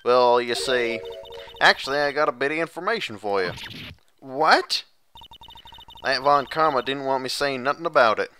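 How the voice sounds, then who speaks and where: A man voicing a brash country woman photographer with a put-on Southern US accent and a loud, folksy drawl. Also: mid-range voice, moderate pace, pauses often, soft background music, lightly acted. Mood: scheming.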